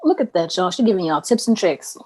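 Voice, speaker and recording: A woman's voice: lowish voice, very animated, slight background noise, rough recording. A woman co-hosting a casual podcast while eating, teasing her co-host and laughing a lot. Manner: teasing, laughs a lot, slow easy talk.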